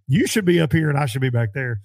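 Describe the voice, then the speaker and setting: A man chatting on a podcast, telling a fishing story with lively acted-out quotes. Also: quick pace, no echo, studio quality. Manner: animated storyteller, acts out quotes in a high voice. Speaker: pro bass angler. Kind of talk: casual podcast chat.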